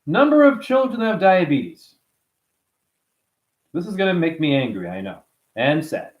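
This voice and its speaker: A man ranting to his chat on a livestream, swearing a lot and rambling, swinging from loud outbursts to low muttering. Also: moderate pace, lo-fi sound. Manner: profane, rambling, excitable, swings between shouting and muttering. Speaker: live streamer. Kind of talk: unscripted livestream rant to chat.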